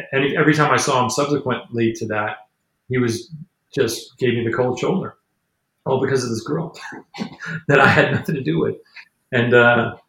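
Guy rambling through a story, mid-pitched voice, echoey room, keeps saying "I was like". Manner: rambling, animated storyteller who acts out the quotes. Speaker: musician guest telling stories. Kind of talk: casual storytelling.

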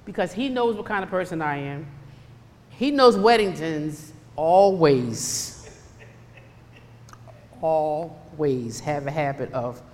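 A woman preaching a sermon, emphatic and animated, swinging between loud bursts and hushed asides. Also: fairly low pitch, takes it slowly, long pauses, in a large hall.

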